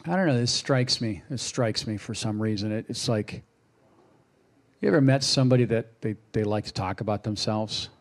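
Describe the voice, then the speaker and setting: A man preaching a sermon, unhurried and reflective, with lively acted quotes. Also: fairly low pitch.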